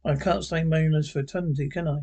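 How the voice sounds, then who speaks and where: A man reading the part of a clever male time-traveling doctor, musing and halting. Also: a little high, fairly even intonation, warm tone, natural voice. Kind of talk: reading a script aloud.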